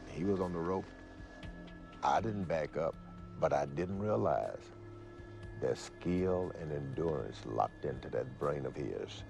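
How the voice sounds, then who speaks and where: Deep-voiced older man reminiscing. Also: creaky. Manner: folksy, reflective storytelling with fillers. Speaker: former boxer, guest. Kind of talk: sports interview answers.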